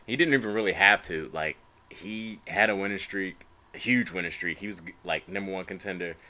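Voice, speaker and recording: A young man hosting a solo podcast, ranting casually about fight news, swearing and tagging lines with bro and man. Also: deep voice. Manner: animated, profane, says bro and man constantly. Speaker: podcast host.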